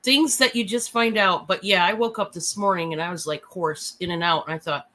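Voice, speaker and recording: Hoarse chatty woman with bright tone. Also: on the low side, fairly even intonation, a little fast. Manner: chatty, laughing, gushing over items. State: hoarse, deepened voice from a cold. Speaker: live sale host. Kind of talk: casual live selling chat.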